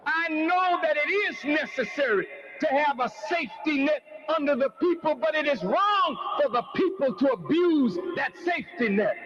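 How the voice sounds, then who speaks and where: High-voiced man preaching with fire. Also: lively intonation, music in the background. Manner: declamatory, shouting for emphasis, drawn-out words. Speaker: preacher addressing a congregation. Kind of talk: fiery sermon. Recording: lo-fi, noisy live recording.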